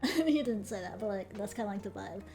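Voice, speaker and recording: A young adult woman streamer, chatting casually and telling a story in an animated way, swearing freely and laughing between lines. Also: medium pitch, brisk, faint music behind.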